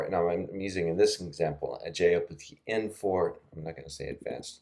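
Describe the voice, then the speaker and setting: Low-voiced man, chatty tutorial. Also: fairly quick, creaky, few pauses. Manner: casual and chatty, with frequent fillers and soft laughs. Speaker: language teacher. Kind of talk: screen-recorded tutorial.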